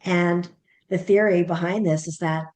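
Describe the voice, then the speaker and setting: A woman's voice: on the low side, steady tone, unhurried, darkish tone. A middle-aged woman, a parenting author guest, telling a story animatedly and acting out the dialogue. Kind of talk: conversational storytelling interview.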